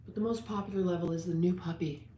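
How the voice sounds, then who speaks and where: A woman's voice: on the low side, steady tone, fast talker, warm tone. A woman casually chatting with viewers as a livestream host, greeting them and promoting her page. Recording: echoey room with faint noise.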